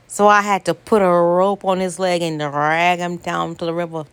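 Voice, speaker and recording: A woman telling a dramatic first-person story in an unhurried, deliberate way. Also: lowish voice, flat delivery, clear, resonant tone, no room sound.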